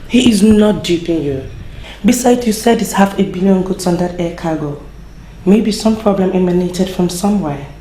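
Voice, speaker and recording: An actress with a Nigerian accent playing a wealthy young woman who calmly reassures the king in a film. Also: on the low side, moderate pace, a little hiss or hum, lightly acted. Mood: soothing. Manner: soothing, reassuring. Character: wealthy young woman, the king's caring lover. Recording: echoey room with music behind.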